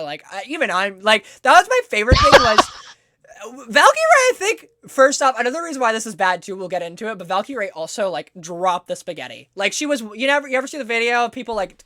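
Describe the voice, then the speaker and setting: A woman's voice: mid-range voice, dry recording, studio quality. A woman hosting a casual podcast, telling a story with lots of swearing and sarcasm. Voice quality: profane, sarcastic, animated storyteller. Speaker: podcast host. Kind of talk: casual chat.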